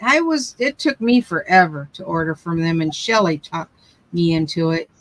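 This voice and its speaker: A woman's voice: on the low side, animated, moderate pace, fairly bright tone, poor audio. An older woman hosting a casual craft chat, telling rambling family stories with lots of restarts. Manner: chatty, rambling storyteller with frequent restarts. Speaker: craft live stream host.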